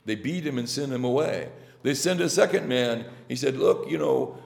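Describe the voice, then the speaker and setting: A man preaching a sermon, halting and repeating himself now and then, with a slow, musing delivery. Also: medium pitch, animated, creaky. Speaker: priest. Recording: long hall reverb.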